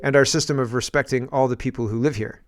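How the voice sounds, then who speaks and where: A male politician's statement comes across slowly and deliberately, as a man reads it out. The pace is measured and the tone stays formal. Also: mid-range voice, steady tone, very noisy, lightly acted. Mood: reading aloud. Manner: slow, deliberate reading.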